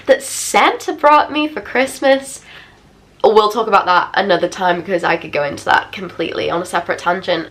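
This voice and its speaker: Woman, twenties, chatty book vlogger, expressive, medium pitch. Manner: chatty, expressive, self-deprecating asides. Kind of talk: casual book review chat.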